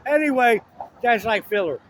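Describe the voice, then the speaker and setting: High-voiced guy rambling outside, slangy and all over the place, faint noise behind. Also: lively intonation, moderate pace, a bit bright. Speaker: vlogger. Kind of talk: rambling casual monologue.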